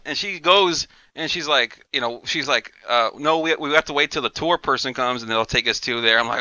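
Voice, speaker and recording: This podcast co-host talks fairly quickly with hardly any pauses, his smooth voice mid-range in pitch. Animated and profane, he tells a long story in easy chat, acting out what everyone said. The audio is dull with no room sound.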